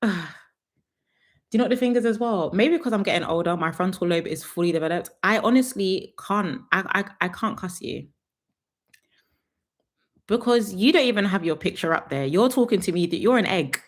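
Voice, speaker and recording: A woman's voice: medium pitch, animated, moderate pace. A young woman, chatting sassily through a live reality TV review and laughing often.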